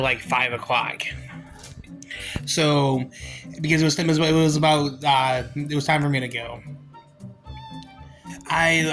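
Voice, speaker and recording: Bright-voiced young man rambling a story. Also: fairly high pitch. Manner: rambling, halting, with acted-out quotes. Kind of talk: casual storytelling vlog.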